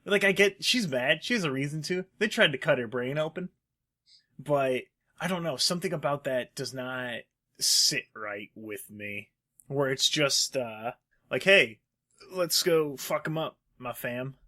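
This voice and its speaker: Casting: man, podcast co-host, mid-pitched, bright tone, loose rambling delivery. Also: a little slow. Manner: rambling, hesitant, with fillers and swearing. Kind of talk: casual gaming podcast chat.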